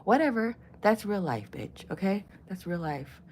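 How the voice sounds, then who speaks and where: A woman in her fifties chatting casually to camera as a vlogger, loud and playful, with crude jokes and swearing. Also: on the low side, expressive, unhurried, a little hiss or hum. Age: 50s. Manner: loud and playful, swings to loud bursts and whispers.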